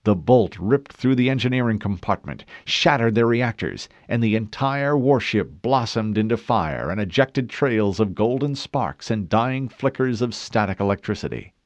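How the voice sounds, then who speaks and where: A man narrating an audiobook in a steady, dramatic storytelling manner. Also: fairly low pitch, normal speed, few pauses, no echo. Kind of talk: scripted narration.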